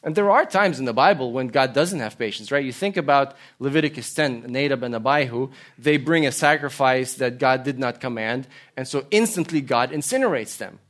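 A man's voice: mid-range voice, animated, brisk, hardly any pauses, fairly bright tone. A man preaching a sermon, earnest, telling stories and asking rhetorical questions. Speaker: pastor.

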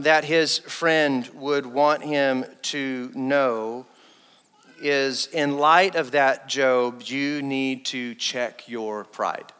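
Bright-voiced preacher in a reverberant hall. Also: male voice, medium pitch, smooth. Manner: animated preaching, acting out quoted speech. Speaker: associate pastor. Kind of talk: sermon. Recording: long reverb in a church hall.

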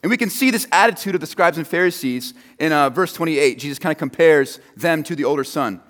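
A man preaching a sermon, chatting and joking easily with the people in front of him. His voice sits a little high for a man. The sound carries the long reverb of a large hall. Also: a little fast, fairly bright tone. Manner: casual, joking and conversational with the audience.

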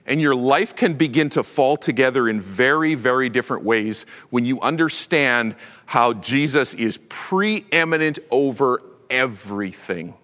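A man preaching a sermon with animated delivery, swinging from loud proclamation to hushed tones. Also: mid-range voice, long reverb tail. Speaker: pastor.

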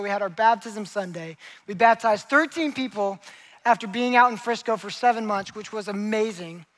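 Young pastor preaching, high bright voice, acts out the characters in his stories. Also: rough recording. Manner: animated storytelling, acts out characters. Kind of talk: sermon.

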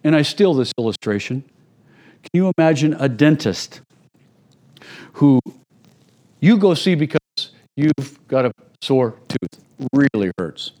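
This pastor, a middle-aged man, is very animated yet measured, pausing often in a mid-range, darkish voice. He preaches to his church conversationally and illustrates his points by acting out everyday moments.

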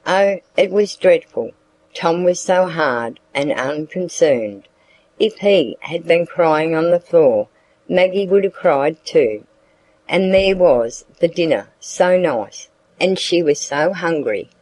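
Slow, measured audiobook reader. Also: medium pitch, expressive, a little mellow, dry recording, poor audio. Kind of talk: audiobook narration of a classic novel.

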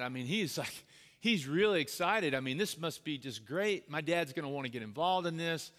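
A man's voice: a little high, expressive, brisk, fairly bright tone. A middle-aged man preaching a sermon, telling a personal story in an earnest, conversational way. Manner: storytelling, earnest, acts out quoted voices. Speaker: pastor. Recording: long hall reverb.

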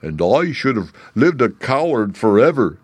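A man voicing a big shaggy male lion in a storybook, speaking slowly and drawn out, a little timid. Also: mid-range voice, very animated, slightly rough, no echo. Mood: rueful.

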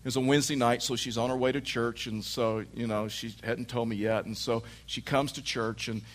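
Animated storytelling man preaching a sermon. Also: mid-range voice, brisk. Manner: animated storytelling, mimics his wife's voice.

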